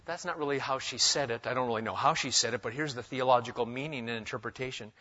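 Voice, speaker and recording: A man's voice: mid-range voice, fast, hardly any pauses, sharp tone, lo-fi sound. A man preaching an expository sermon in a conversational way, with joking asides. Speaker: pastor.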